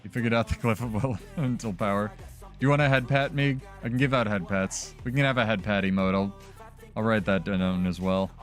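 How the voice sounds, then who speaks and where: A man's voice: fairly low pitch, a little fast, soft background music. A man talking casually as a streamer during live gameplay, loose and chatty with many fillers.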